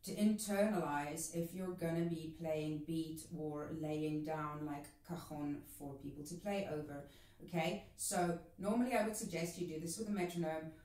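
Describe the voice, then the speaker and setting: A woman teaching a cajon lesson in a casual, encouraging way, counting the rhythm out loud as she plays. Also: sits low, steady tone, moderate pace. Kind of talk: video lesson. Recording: roomy and distant, with cajon playing.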